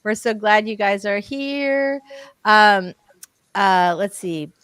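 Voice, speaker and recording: A woman's voice: medium pitch, slow, a bit bright, clean tone, no echo. A woman co-hosting a casual writing livestream, bubbly and chatty with lots of enthusiasm.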